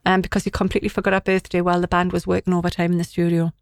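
Giggly chatty woman with gravelly edge. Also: lowish voice, monotone, racing. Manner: chatty, giggly, playful storytelling. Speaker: radio co-host. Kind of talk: casual radio chat.

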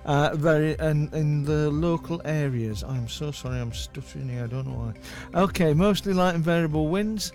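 A man reads a radio weather forecast, hesitating and tripping over his words. His voice sits fairly high. Soft music plays faintly under him. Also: normal speed, gravelly. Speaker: weather presenter.

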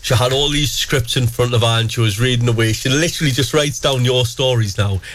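A man's voice: medium pitch, a little fast, slight background noise. Chatty radio host man. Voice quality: chatty, animated storyteller. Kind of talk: casual radio chat.

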